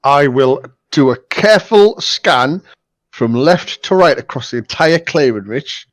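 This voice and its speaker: A man's voice: medium pitch, lively intonation, unhurried, no echo. An older man speaking carefully and measuredly as a player in a tabletop game. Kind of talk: casual tabletop game chat.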